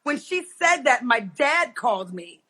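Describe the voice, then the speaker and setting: A woman with a raspy voice, a football coach talking as a guest on a video call, telling stories animatedly and acting out quoted voices. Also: high-pitched, measured pace, rough recording. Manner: animated storytelling, acts out quoted voices, laughs often. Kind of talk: casual interview chat.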